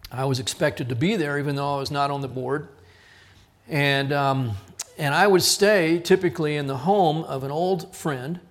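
A middle-aged man leads a Bible study in a somewhat high voice. He teaches through personal stories, raising his voice to act out the people he quotes and chuckling at himself along the way. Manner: storytelling, quotes others in raised voice, chuckles at himself. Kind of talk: sermon.

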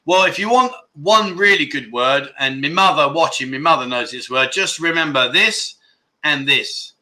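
On a casual livestream chat show, a host from London who lives in Thailand reads viewer comments in his London accent, joking and chatting as he rambles with restarts and laughs. His fairly high voice sounds pushed and bright at a moderate pace.

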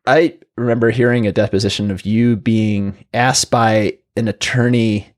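Animated man telling self-deprecating stories. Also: fairly low pitch, normal speed. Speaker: podcast host and emergency physician. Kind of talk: casual chat, anecdotal storytelling.

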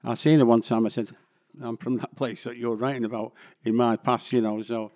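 In a casual interview, an older Mancunian guest actor from England chats in a mid-range, level voice that's a little fast and slightly mellow. He rambles along, talkative and quick to put himself down.

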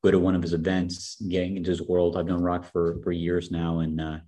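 A man's voice: sits low, monotone, fairly quick, warm tone. A man hosting a podcast interview, enthusiastic and full of praise for his guest. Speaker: podcast host. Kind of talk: casual interview talk.

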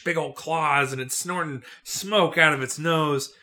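A man's voice: a little high, measured pace, bright, forceful tone. A man co-hosting a podcast in casual comedic chat, wry and swearing freely as he riffs on the book. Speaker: podcast co-host.

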